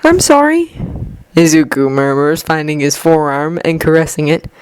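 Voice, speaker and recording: A woman narrating a fan fiction story aloud, with expressive delivery and clearly varied voices. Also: low-pitched, moderate pace, no room sound. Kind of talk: fan fiction audiobook reading.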